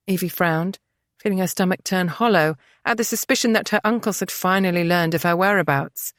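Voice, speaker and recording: A woman narrating a historical romance novel in a steady, dramatic storytelling manner. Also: fairly low pitch, moderate pace, dry recording, clean studio sound. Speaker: audiobook narrator. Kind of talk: scripted narration.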